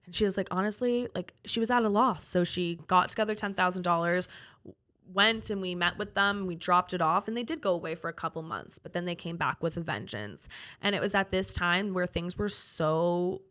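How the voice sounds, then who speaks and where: A woman's voice: on the low side, a little fast, fairly bright tone. A woman from Canada, a guest on a talk show, telling her personal story frankly and conversationally, with lots of fillers. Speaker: guest, trafficking survivor and peer advocate.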